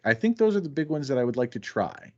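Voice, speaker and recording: A mid-pitched man chatting easily as co-host, wandering through stories and slipping into quick voices for the people in them. The recording sounds slightly dull and lo-fi. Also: sing-song. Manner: rambling anecdotes, acts out both sides of conversations. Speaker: podcast co-host. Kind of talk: casual chat.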